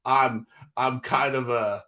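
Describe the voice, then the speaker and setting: A man, hosting a casual livestream with animated, exasperated talk full of fillers. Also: mid-range voice, takes it slowly. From Northeastern US. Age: 40s. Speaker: livestream host.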